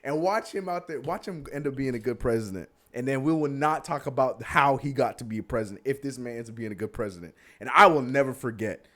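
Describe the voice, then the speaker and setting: A man's voice: mid-range voice, quick pace, few pauses, fairly bright tone. A man co-hosting a live sports talk stream, chatting casually and breaking into laughter often. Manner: giggly, keeps breaking into laughter and apologizing. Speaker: podcast co-host.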